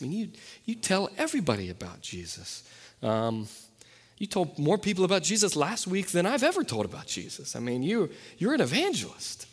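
Casual young pastor in a reverberant hall. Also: male voice, a little high. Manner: conversational, self-correcting with fillers. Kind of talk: sermon. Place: church sanctuary.

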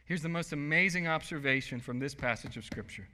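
A man preaching a sermon as pastor, swinging from soft, quiet lines to loud bursts. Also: on the high side, brisk. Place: church sanctuary. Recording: long hall reverb.

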